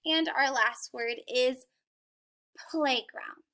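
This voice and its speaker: A woman's voice: high-pitched, lively intonation, takes it slowly, sharp tone. A young woman teaching a phonics lesson to young children at home, patient and encouraging.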